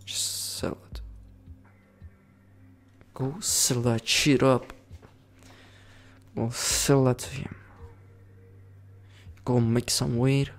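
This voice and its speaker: A man's voice: medium pitch, level tone, drawn-out words, pauses often. Giggly, cursing young-sounding gamer guy. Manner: rambling, giggly and full of swearing. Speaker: gaming video creator. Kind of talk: casual game commentary.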